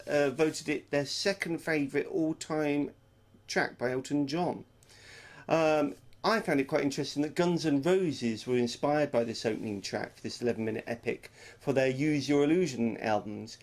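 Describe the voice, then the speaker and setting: A man presenting a classic album feature, chatty with wry asides. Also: fairly high pitch. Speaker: music segment presenter.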